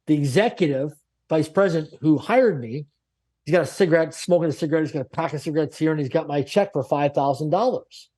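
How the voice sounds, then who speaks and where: A man telling a personal story as a podcast guest, animated and emphatic with repeated phrases. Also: fairly high pitch, fast, breathy edge.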